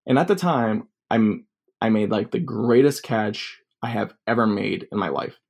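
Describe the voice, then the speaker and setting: A man's voice: lowish voice, lively intonation, moderate pace, gravelly. A man in his twenties telling a personal story casually, rambling with many fillers. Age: 20s.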